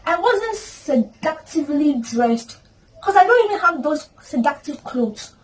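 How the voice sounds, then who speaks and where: A woman's voice: high-pitched, big pitch swings, unhurried, a little hiss or hum. A woman telling a personal story in a vlog, earnest and emotional, with prayerful asides. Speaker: storytime vlogger. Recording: voice at a distance from the mic with faint ambience.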